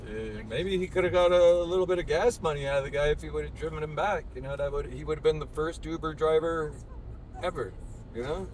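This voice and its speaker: Wisecracking man with a higher voice. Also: a little fast, a little mellow, slight background noise, rough recording. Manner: joking interjections, wisecracks. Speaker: podcast co-host. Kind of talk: casual chat. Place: inside a moving car.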